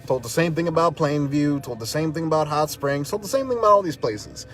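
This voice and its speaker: A man's voice: on the high side, lively intonation, brisk, fairly bright tone, soft background music. A man speaking as a protest activist, fiery and defiant, hammering points home through repetition. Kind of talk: impassioned direct-to-camera talk.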